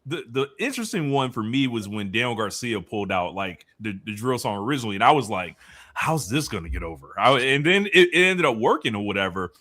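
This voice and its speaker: A man chatting on a livestream in a laid-back, slangy way, stopping and restarting as he thinks. His voice is mid-pitched and ordinary. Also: brisk. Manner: relaxed, slangy, hesitant restarts. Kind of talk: casual chat.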